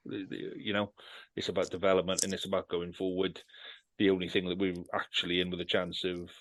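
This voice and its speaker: With poor audio and no echo, a low-pitched, slightly bright male voice hosts a casual rugby podcast. He jokes, swears freely, and runs through segments and predictions.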